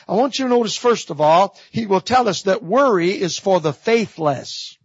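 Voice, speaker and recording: A man's voice: high voice, slightly rough, no room sound, dull audio. A middle-aged man preaching a sermon from a church pulpit, with folksy storytelling and emphatic repetition. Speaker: visiting evangelist preacher. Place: church sanctuary.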